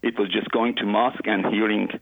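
Iranian-accented man in his forties, fairly low and husky, dry sound, heartfelt halting guest. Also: flat delivery, dry recording, narrow, tinny audio. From Iran. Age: 40s. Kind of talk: interview guest telling his story.

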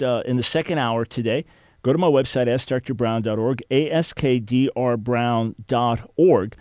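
A man's voice: mid-range voice, darkish tone, no echo. A man hosting a talk radio show, speaking earnestly and with emphasis into a studio microphone.

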